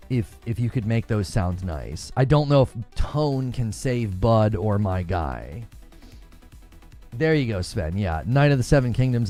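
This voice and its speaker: In a medium-pitched, slightly mellow voice, a man reads chat as a gaming streamer and jokes with his live-stream audience about slang. He laughs frequently and uses mock-tough voices when quoting it.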